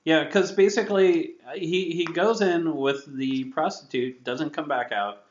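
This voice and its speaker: A man's voice: on the high side, measured pace. A man co-hosting a podcast, mocking a movie in a casual chat with frequent restarts. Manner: laughing, mocking, lots of restarts. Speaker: podcast co-host. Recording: echoey, dull lo-fi room sound.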